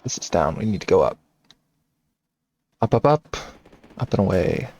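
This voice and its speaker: A man casually commenting on his game playthrough, rambling and thinking out loud. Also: deep voice, sing-song, moderate pace, breathy edge, highs cut off. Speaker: game streamer. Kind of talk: casual let's-play commentary.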